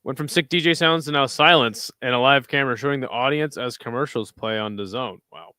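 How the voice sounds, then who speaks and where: A man's voice: mid-range voice, a little fast, pushed and bright, smooth, dry recording, studio quality. Sarcastic young man reading chat. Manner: sarcastic, talks back to chat messages. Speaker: livestream host reading chat. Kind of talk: casual watch-along commentary.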